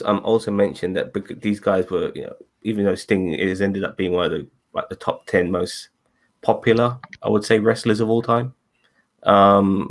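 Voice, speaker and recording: A man hosting a casual review chat over a video call, rambling, swearing and correcting himself as he goes. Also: on the low side. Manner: rambling, profane, self-correcting. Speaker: podcast host.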